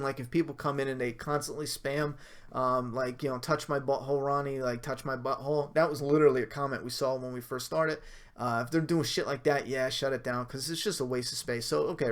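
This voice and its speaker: Reviewing a TV episode on a laid-back livestream, a male host with a medium-pitched, somewhat bright voice reads viewer comments aloud. His talk wanders, packed with fillers and self-corrections as he restarts sentences, and he laughs between points.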